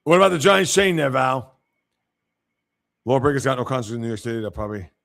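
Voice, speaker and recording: A man's voice: mid-range voice, expressive, quick pace, vocal fry, fairly bright tone. A man hosting a casual sports livestream, giving blunt opinions and reacting to viewer comments. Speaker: sports show host.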